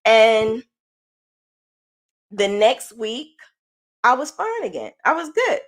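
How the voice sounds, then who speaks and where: A woman's voice: fairly high pitch, sing-song, takes it slowly. A woman hosting a podcast, telling a personal story in a candid, conversational way. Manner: candid, conversational, shifting pace. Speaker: podcast host.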